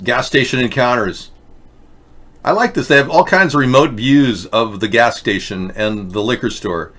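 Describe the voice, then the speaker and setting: A man's voice: mid-range voice, lively intonation, normal speed, fairly bright tone. A man hosting a livestream show, rambling in a joking, conspiratorial way and slipping into mock announcements. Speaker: show host.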